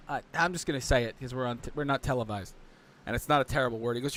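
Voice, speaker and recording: A man giving casual commentary on an online race, telling stories with growing excitement. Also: medium pitch, quick pace. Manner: excitable storyteller, voice jumps up when thrilled.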